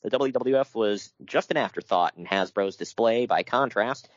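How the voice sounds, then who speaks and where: A low-voiced man co-hosting a podcast, reading from notes and breaking off into dry, joking asides. He laughs easily as he goes. The sound is close and dry, with a slightly dull, muffled top end. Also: normal speed, no echo. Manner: wry, laughs often, reads notes then riffs. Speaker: podcast co-host. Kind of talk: casual podcast chat.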